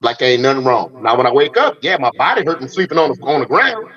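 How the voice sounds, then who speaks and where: A man's voice: medium pitch, animated, fast talker, fairly bright tone, muffled recording. A middle-aged man hosting a casual podcast chat, talking bluntly with plenty of cursing and acting out the back-and-forth of conversations. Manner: blunt, profane, acts out quoted exchanges. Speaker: host.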